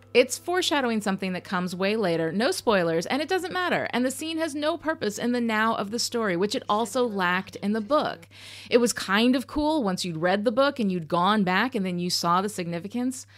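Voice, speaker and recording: A woman hosting a podcast, giving candid, sarcastic commentary on a TV episode, swearing casually. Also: on the high side. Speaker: podcast host.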